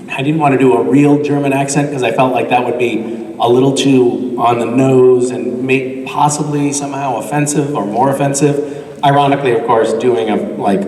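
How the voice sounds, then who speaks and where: A man's voice: lowish voice, darkish tone, far from the mic, a little hiss or hum. A man answering fan questions on a convention panel, rambling and self-deprecating, laughing often. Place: large convention hall. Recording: echoey convention hall, mic picked up from afar.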